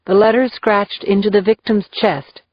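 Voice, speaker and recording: A woman reading a crime novel aloud in measured, even audiobook narration, in a dull, dry lo-fi recording. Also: mid-range voice, no echo.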